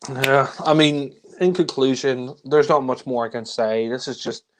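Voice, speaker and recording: A man's voice: mid-range voice, measured pace, a little hiss or hum. A young man ranting in exasperation about a film he hates, swearing often in a casual review chat.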